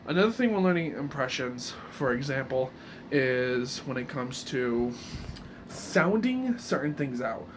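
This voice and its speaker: A man's voice: mid-range voice, sing-song, measured pace, slight background noise. A man explaining voice impressions in a casual, rambling way, often restarting his sentences. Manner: rambling, self-correcting mid-sentence. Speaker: voice impression tutor. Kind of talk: casual video tutorial.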